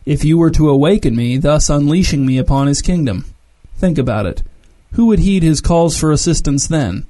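Guy doing a creepy low cave monster voice, scheming, storybook reading. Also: animated, normal speed, dark tone, natural voice. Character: sinister monster voice from a dark cave.

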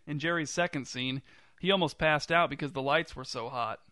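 Male audiobook narrator, dry wry delivery, crisp, close and dry sound. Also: a little high, moderate pace, pushed and bright, no echo. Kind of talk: storybook narration.

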